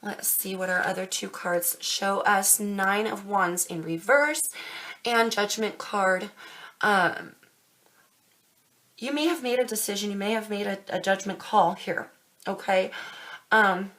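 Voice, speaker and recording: A young woman doing a casual tarot reading to camera, emphatic and quick to swear as she talks straight to her viewers. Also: medium pitch, a bit bright. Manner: emphatic, swears freely, speaks directly to viewers. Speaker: tarot reader.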